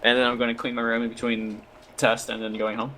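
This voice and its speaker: A man's voice: mid-range voice, flat delivery, fast talker, pushed and bright, a little hiss or hum. A young man on a live stream, joking around, answering chat and teasing his co-host. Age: young adult. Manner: playful, joking, talks to chat.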